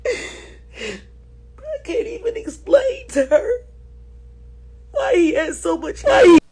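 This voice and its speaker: A woman's voice: extremely high pitch, very animated, slow, darkish tone. A young adult woman speaking in an emotional live video, crying as she talks, her voice breaking. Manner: tearful, voice breaking. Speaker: politician in played video.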